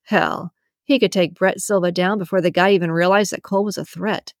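A woman narrating a romance audiobook in a steady, even storytelling manner. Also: fairly low pitch, brisk, no room sound, studio quality. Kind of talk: scripted narration.

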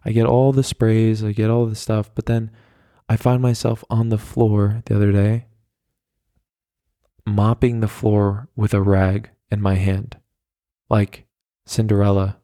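A man's voice: fairly low pitch, flat delivery, measured pace, dark tone, dry recording, clean studio sound. A young man hosting a solo podcast, talking casually and rambling in a self-deprecating way, with lots of fillers. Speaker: podcast host.

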